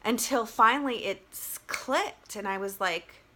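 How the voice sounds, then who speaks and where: Animated, bright-voiced woman vlogger. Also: fairly high pitch, unhurried. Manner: animated, swears freely, many fillers. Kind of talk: casual personal storytelling.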